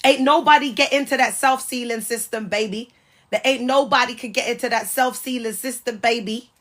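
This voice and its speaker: A British woman hosting a casual livestream chat, talking in lively slang and laughing often. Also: on the high side, fairly quick. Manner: chatty and animated, laughs often, heavy slang. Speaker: livestream host.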